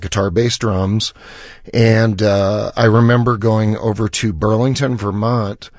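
A man's voice: on the low side, dry recording, clean studio sound. A man guest on a radio show, telling a long story and acting out the lines of the people in it. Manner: animated storyteller who acts out quoted dialogue. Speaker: musician guest.

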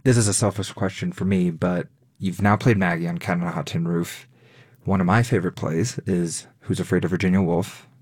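A man's voice: sits low, steady tone, fairly quick, a little mellow, breathy edge, no room sound, studio quality. A man hosting an arts interview on public radio, asking questions in an attentive, conversational way.

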